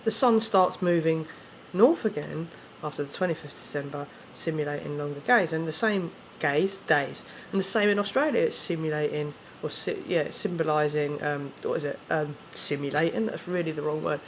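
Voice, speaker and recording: A man's voice: on the high side, moderate pace, hardly any pauses, slight background noise. A man with an English accent, ranting casually to camera, swearing often and correcting himself as he rambles. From England. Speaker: vlogger.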